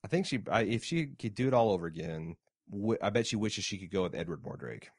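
A man co-hosting a podcast in easy casual chat, cracking jokes and reading out listener notes. His voice sits a little low. The sound is close and dry. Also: big pitch swings, fast, no echo. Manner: jokey, reads listener mail aloud. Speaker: podcast co-host.

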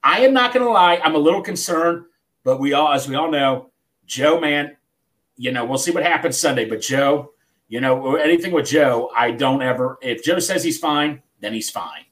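Male podcast host, casual and rambling, halting delivery, slightly high pitch. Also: fairly bright tone. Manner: rambling, halting with many restarts. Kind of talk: casual sports chat.

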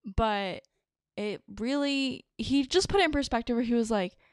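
A woman's voice: fairly high pitch, moderate pace, clean tone, dry recording, clean studio sound. A young adult woman hosting a podcast, telling a personal story casually with lots of "like" and dramatic asides. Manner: chatty, lots of "like", dramatic retelling. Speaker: podcast host.

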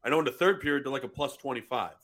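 A man's voice: mid-range voice, racing, a bit bright. A man co-hosting a casual podcast, blunt and swearing freely in chat. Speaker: podcast co-host.

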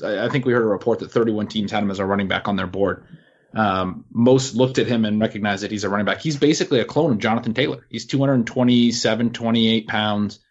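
A man with a fairly low voice walks through player stats in detail, steady and measured. He is co-hosting a casual podcast, and his audio sounds muffled and lo-fi. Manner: detailed, stat-heavy, measured. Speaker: fantasy football podcast co-host.

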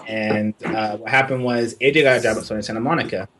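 A man from Southern California, a game artist guest, telling a story in a relaxed, casual way and swearing freely. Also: fairly low pitch, quick pace. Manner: relaxed, swears freely, acts out voices in anecdotes.

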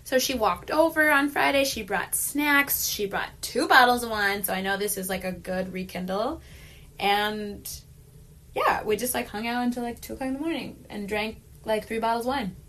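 A woman co-hosting a laid-back chat show. She tells stories in a chatty, animated way and fills her sentences with "like". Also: fairly high pitch, moderate pace. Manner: chatty, animated storytelling with frequent "like". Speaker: podcast co-host. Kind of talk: casual chat.

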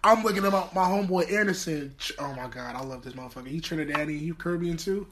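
A young man guest on a podcast, telling animated, profane stories and laughing as he talks. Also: a little high, fast. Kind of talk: casual chat. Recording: noisy recording.

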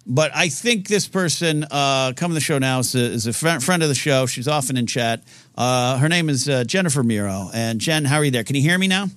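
A male host chatting on a live call-in show. He rambles, stalls on fillers and restarts his sentences. His voice sits at a middling pitch and sounds dry and close. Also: expressive, fairly quick, a bit bright, no room sound. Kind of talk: casual live-stream chat.

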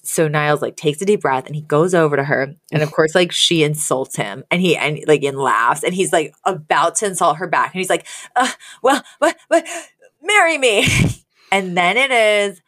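A woman's voice: low voice, moderate pace, fairly bright tone. A woman co-hosting a podcast, chatting casually and animatedly as she retells a sitcom episode and acts out the quotes. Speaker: podcast co-host.

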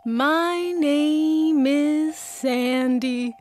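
A woman voicing a cheerful male racing turtle who talks in a slow, drawn-out way. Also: high voice, expressive.

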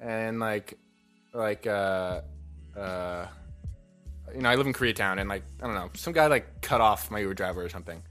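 A man's voice: lowish voice, normal speed, fairly bright tone, faint music behind. A young man hosting a podcast, joking and swearing in a loose, rambling casual chat. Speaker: podcast host.

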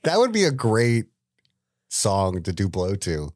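A jokey man co-hosting a casual movie review show. His pitch moves a lot as he throws in quick quips. Recorded dry and close. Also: huge pitch swings, a little mellow, no echo. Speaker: podcast co-host.

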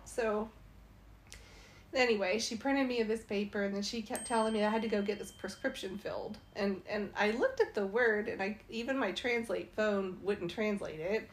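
A woman casually telling a travel story, animated and laughing as she goes. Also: mid-range voice, moderate pace. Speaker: travel vlogger.

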